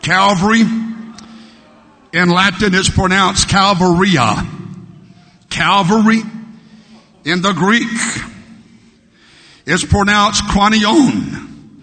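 A male pastor preaching a Pentecostal sermon in a church, with rhythmic repetition that builds into shouts. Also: sits high, steady tone, slow, long pauses. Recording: long hall reverb.

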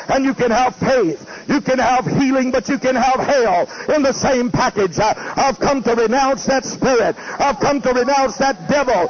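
A male pastor, preaching a fiery sermon with shouting and declaiming. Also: very high voice. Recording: muffled lo-fi tape with faint hiss.

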